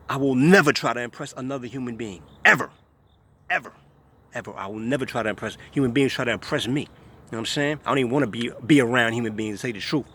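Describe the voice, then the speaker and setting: A man's voice: medium pitch, a bit bright. A man, delivering a scornful, repetitive monologue to camera. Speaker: vlogger.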